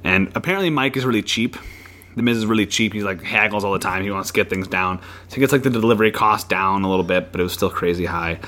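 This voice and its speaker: A man co-hosting a podcast, chatting casually and retelling a show with animated storytelling. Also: fairly low pitch, quick pace. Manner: animated storytelling with playful impressions. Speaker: podcast co-host.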